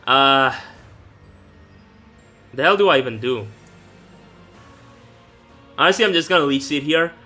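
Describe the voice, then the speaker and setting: A man's voice: mid-range voice, expressive, a little slow, long pauses, pushed and bright. A young man giving casual, rambling commentary on his own competitive game match, correcting himself often and swearing casually. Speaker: gaming YouTuber. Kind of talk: casual live gameplay commentary. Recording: faint background music.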